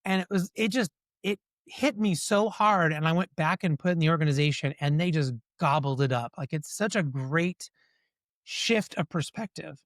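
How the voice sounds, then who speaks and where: Guy being interviewed, higher voice for a man, dry close sound, animated storyteller. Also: normal speed, no room sound. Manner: animated storyteller who acts out quoted dialogue. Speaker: guest. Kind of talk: conversational interview answers.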